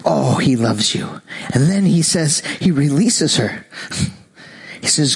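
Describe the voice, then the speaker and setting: A man preaching a sermon, telling the story with animated acted-out voices and frequent laughter. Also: on the high side, takes it slowly, gravelly, long pauses, husky.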